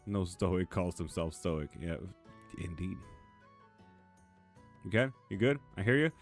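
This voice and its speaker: A man's voice: sits low, animated, measured pace, soft background music. A man hosting a live tarot stream, chatting casually and bluntly as he answers viewers by name. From Sweden. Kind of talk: casual live-stream chat reading comments. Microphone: streaming mic.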